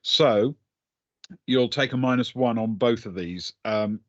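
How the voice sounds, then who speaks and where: A man's voice: mid-range voice, measured pace, no room sound, muffled recording. A man narrating as game master of a tabletop game, chuckling and hesitating with many fillers.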